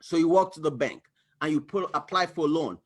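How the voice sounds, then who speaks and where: High-voiced guy doing a screen-share money lesson, animated, acts out the bank talking. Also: fairly quick. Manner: animated, acts out little dialogues, exclaims. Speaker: financial coach. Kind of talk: screen-share explainer talk.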